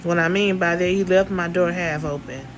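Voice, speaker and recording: A woman's voice: on the low side, fairly even intonation, moderate pace, background noise. A woman vlogger telling a story in casual speech, blunt and full of swearing, repeating herself for emphasis.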